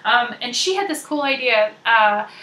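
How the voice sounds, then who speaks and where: Bubbly Canadian woman, bright voice. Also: on the high side, expressive, moderate pace, reverberant, a little hiss or hum. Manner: bubbly, chatty, giggly. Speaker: podcast host. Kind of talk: casual chat.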